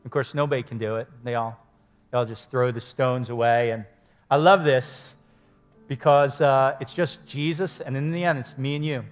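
Earnest male pastor preaching over soft music. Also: medium pitch, fairly even intonation, normal speed. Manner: earnest, rises to emphatic then softens to hushed prayer. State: choked up with emotion. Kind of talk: sermon.

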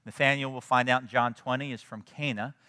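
A man preaching a sermon in a conversational, animated way, often checking in with his listeners. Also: mid-range voice, fairly quick, clean tone, in a large hall. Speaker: pastor.

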